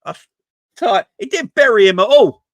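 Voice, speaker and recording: An extremely high-pitched, sing-song male voice moves at normal speed with no room sound. He's hosting a football fan channel and ranting casually, and when things frustrate him he turns exasperated, swearing, stumbling and repeating himself.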